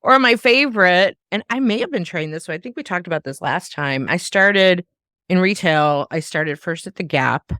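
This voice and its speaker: A woman's voice: lowish voice, lively intonation, moderate pace, fairly bright tone, dry recording, clean studio sound. A woman hosting a podcast, chatting casually and acting out quoted voices with animation. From American South. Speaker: podcast host. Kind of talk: casual interview chat.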